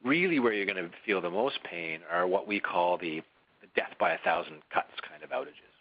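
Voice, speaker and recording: A man from a software vendor presenting a webinar in a conversational way, often tagging his points with "right?" and restarting his sentences. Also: deep voice, big pitch swings, moderate pace, gravelly, highs cut off.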